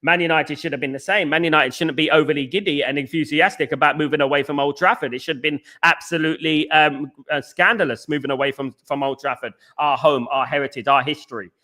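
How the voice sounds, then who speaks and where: A man on a live fan stream, sounding off about his club and reading out viewers' comments. His voice is bright and forceful and sits a little high for a man. He rants with strong opinions and circles back to repeat his points. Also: fairly even intonation, fast, hardly any pauses. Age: adult. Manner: ranting, repeats himself, opinionated. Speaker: football fan channel host.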